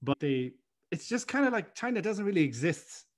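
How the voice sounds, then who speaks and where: A man hosting a casual conversation, telling stories in a rambling, animated way with lots of fillers. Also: high voice, moderate pace.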